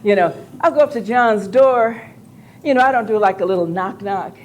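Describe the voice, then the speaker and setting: An older woman on a live convention panel, telling animated, joking stories with some profanity. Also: medium pitch, moderate pace, slight background noise. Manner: animated, jokey, profane anecdotes.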